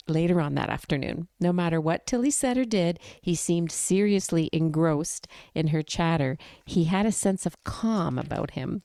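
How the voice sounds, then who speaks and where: A woman's voice: lowish voice, normal speed, gravelly, warm tone, no room sound. A woman hosting a book podcast, reading aloud and chatting casually with her guest, careful not to give away spoilers. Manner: chatty, stops herself from giving spoilers. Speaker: podcast host.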